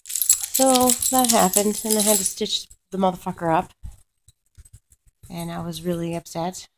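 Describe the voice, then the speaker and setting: A woman's voice: medium pitch, steady tone, a little slow, noisy background. A young woman venting in a rambling, exasperated way, swearing often and restarting her sentences as she tells about her week. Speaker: vlogger. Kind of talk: casual rant to camera.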